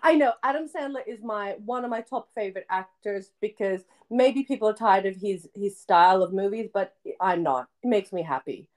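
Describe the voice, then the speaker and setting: A woman's voice: medium pitch, normal speed, hardly any pauses, a little mellow. A young woman hosting a casual podcast chat, giggly and chatty with lots of fillers. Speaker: podcast host.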